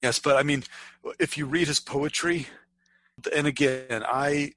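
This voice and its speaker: A man's voice: fairly high pitch, fairly even intonation, unhurried, a bit bright, slight background noise. A middle-aged American man co-hosting a podcast, chatting casually and often repeating words as he starts a sentence. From United States. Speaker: podcast co-host. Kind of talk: casual chat.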